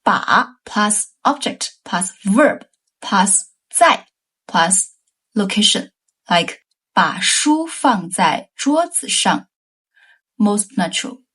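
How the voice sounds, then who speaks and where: A woman teaching Chinese grammar in a scripted lesson, reading example sentences slowly and carefully. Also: mid-range voice, expressive, fairly bright tone, breathy edge.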